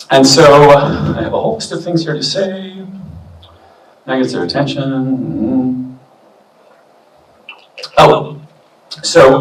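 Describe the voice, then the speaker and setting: A man giving a relaxed, chatty talk as a medium to an expo audience, with many fillers. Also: medium pitch, far from the mic. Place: expo hall. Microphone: booming handheld or stand mic. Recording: echoey hall, mic heard from afar.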